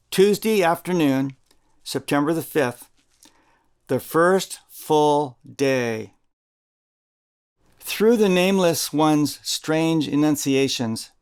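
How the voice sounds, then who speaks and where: A man narrating a nonfiction audiobook in a measured, deliberate reading, spelling out names letter by letter. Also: mid-range voice, a little mellow.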